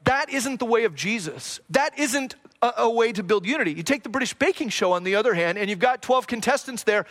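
A middle-aged man preaches a sermon with a notably high voice. He builds points through repeated phrases and rhetorical questions, dropping in light self-deprecating asides along the way. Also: animated, brisk, a bit bright. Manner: earnest, repetitive preaching cadence with rhetorical questions; self-deprecating asides, jokes about his own accent. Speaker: pastor.

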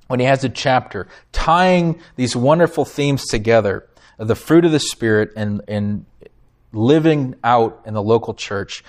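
A man preaching a sermon as pastor, emphatic, lifting his voice on key phrases and putting questions to the congregation. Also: mid-range voice. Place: church sanctuary.

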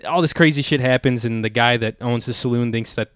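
A man's voice: medium pitch, fairly quick, a bit bright, clean tone, no room sound, clean studio sound. A man co-hosting a podcast in casual chat, rambling and swearing, with "like" in nearly every line. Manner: rambling, swears a lot, says "like" constantly. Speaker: podcast co-host.

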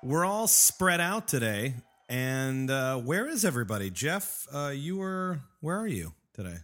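A man hosts a relaxed tech podcast in a playful, joking way. He explains software features in plain, chatty terms and laughs easily with his co-hosts. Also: medium pitch. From Austin, Texas. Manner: jokey, quick to laugh, explains technical topics. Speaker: podcast host. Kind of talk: casual tech podcast chat.

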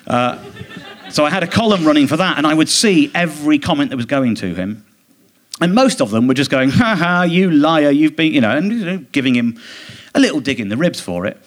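A man, a comedian guest, telling a rambling, indignant anecdote with quick mimicked quotes in casual talk on a theatre stage. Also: on the high side, animated. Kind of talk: casual anecdote in a live podcast interview.

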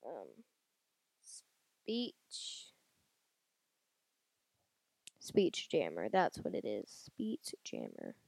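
A woman's voice: very deep voice, wildly swooping pitch, extremely slow, vocal fry, pauses often, a little mellow, no echo. A woman hosting her own casual podcast. She chats loosely and rambles, with lots of fillers and restarts. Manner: rambling, chatty, many fillers. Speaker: podcast host. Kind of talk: casual solo podcast chat. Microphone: handheld audio recorder.

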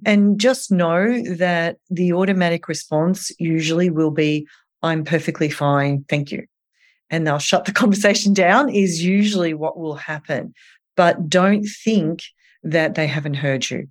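A calm clinician guest talking through advice gently and earnestly, laying things out one step at a time in a voice of middle pitch. The delivery is steady, caring and patient. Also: unhurried. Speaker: eating disorder clinician guest. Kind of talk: advice in an interview.

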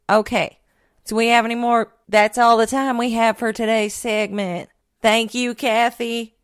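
A woman hosting a call-in segment in a comedy sketch, deadpan and mock-insulting. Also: a little high, a little slow, clear, resonant tone, dry recording, clean studio sound.

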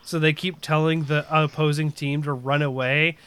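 A man's voice: a little high, flat delivery, normal speed, a bit bright, smooth, dry recording. A man chatting casually about a video game, rambling with lots of fillers and restarts.

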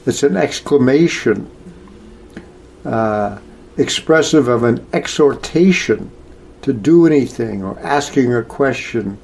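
A man teaching a scripture class in a slow, halting way, with many filler sounds as he explains verses. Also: mid-range voice, expressive, vocal fry, a little mellow. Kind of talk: lecture on scripture.

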